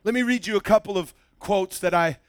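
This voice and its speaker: A man preaching a sermon, swinging between loud emphatic lines and hushed ones. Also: high-pitched, a little fast, clear, resonant tone, no echo, studio quality. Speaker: pastor.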